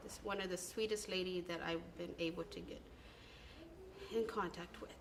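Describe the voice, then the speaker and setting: A young woman delivers a sincere recorded tribute to a former mentor. She speaks earnestly, pausing on ums and correcting herself. A faint background noise sits under her voice. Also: lowish voice, fairly even intonation. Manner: earnest, halting, with filler ums. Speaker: former band student.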